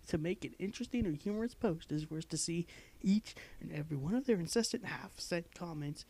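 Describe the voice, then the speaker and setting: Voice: medium pitch, lively intonation, fairly quick, warm tone, no echo. A young adult blogger casually reading blog posts aloud late at night, giddy and breaking into fits of laughter.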